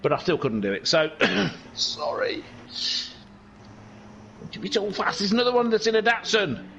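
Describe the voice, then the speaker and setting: High, lively man joking on commentary. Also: measured pace, creaky, dull audio, slight background noise. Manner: rambling, joking and sweary banter. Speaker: sim racing stream commentator. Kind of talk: casual live race commentary.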